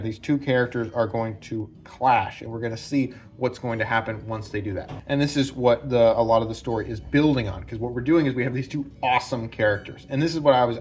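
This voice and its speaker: A man's voice: mid-range voice, husky. A man casually analyzing a film's characters at home, rambling with many fillers and restarts. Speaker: film analysis host. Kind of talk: casual spoken film breakdown. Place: home room with branches hitting the roof.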